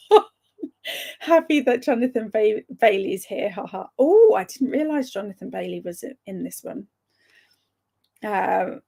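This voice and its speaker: A woman's voice: mid-range voice, vocal fry, darkish tone. A young woman hosting a live stream, chatting casually, laughing often and answering viewer comments. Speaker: livestream host.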